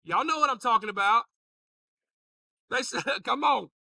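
A pastor preaching a sermon, joking with the congregation and calling out to them. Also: male voice, extremely high pitch, measured pace, gravelly, no echo, far from the mic. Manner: joking, animated, calls out to the congregation.

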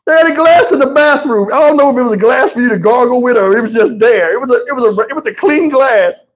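A man hosting a livestream, telling a story in a casual way that is animated and profane, with frequent laughter. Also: very high voice, quick pace. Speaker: livestream host. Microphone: wireless lapel mic.

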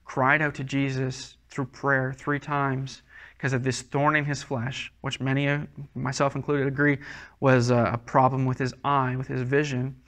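A man's voice: medium pitch, flat delivery, moderate pace, fairly bright tone. A man preaching a sermon as a pastor, earnest and conversational, often restarting his words.

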